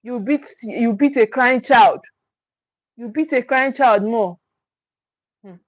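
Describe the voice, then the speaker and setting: A woman's voice: on the high side, slow pace, dry recording, low-quality recording. Emphatic woman parenting coach. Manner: emphatic, repeats key phrases; speaks directly to the viewers, with check-ins. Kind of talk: livestream teaching talk.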